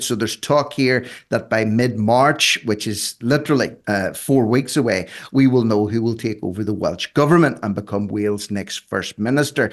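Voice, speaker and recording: A man hosting a radio talk show, chatty and jokey as he introduces a guest and poses questions. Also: medium pitch.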